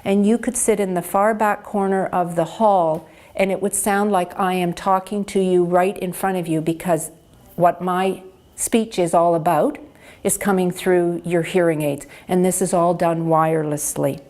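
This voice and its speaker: Speaking into a lapel mic, a female hearing care counselor gives an educational health talk, explaining things clearly and patiently with practical examples. Her voice is fairly low and darkish, with fairly even intonation at a normal speed.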